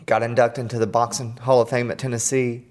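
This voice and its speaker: A man's voice: medium pitch, fast talker. Earnest middle-aged man telling stories. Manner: earnest, animated, self-deprecating humor. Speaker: guest. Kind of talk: storytelling in conversation.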